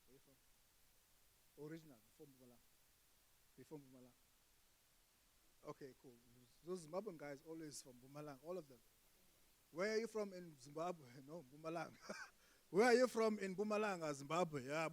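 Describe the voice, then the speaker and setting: A young South African man doing stand-up comedy and crowd work, jumping between loud outbursts and hushed asides. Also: fairly high pitch, rough recording.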